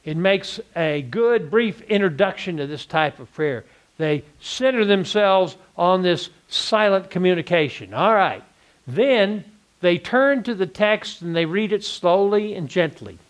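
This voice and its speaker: Higher-pitched man teaching a Bible class. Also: expressive, a little slow. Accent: Texan. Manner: asks rhetorical questions and answers them.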